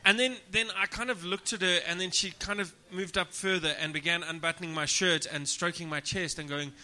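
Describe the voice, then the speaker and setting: A man's voice: high-pitched, steady tone, brisk, pushed and bright. A man, a comedian guest, telling crude, self-deprecating stories on a casual podcast and often laughing as he talks. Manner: laughs through his own stories.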